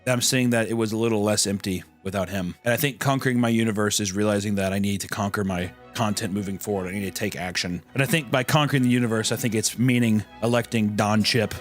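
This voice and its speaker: A man's voice: lowish voice, fast, hardly any pauses, soft background music. A man ranting casually and comically, rambling and joking as he goes. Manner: animated, rambling, jokey. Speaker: streamer. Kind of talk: comedic casual rant.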